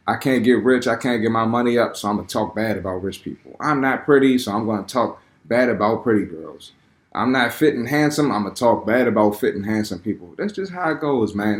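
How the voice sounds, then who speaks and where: Blunt slangy man in an echoey room. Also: mid-range voice. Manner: blunt, slangy, repeats words when heated. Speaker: fitness commentator reacting to clips. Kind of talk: casual reaction commentary.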